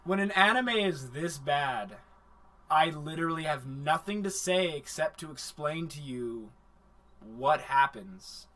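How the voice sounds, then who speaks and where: Hosting a livestream anime review, a man with a slightly high voice recaps the plot at a measured pace, rambling, swearing and staying animated throughout.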